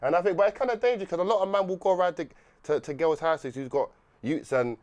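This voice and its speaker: A young man telling a rambling, animated story on a podcast, laughing often and restarting his sentences. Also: high-pitched, quick pace. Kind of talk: casual storytelling chat.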